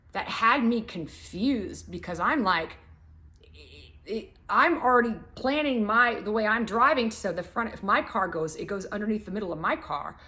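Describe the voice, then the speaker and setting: Woman host telling a story from her life, casual, keeps restarting, gets heated and loud replaying an argument. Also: medium pitch. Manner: animated, rising loud and heated in retold confrontations; frequent restarts and fillers. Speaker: wellness channel host.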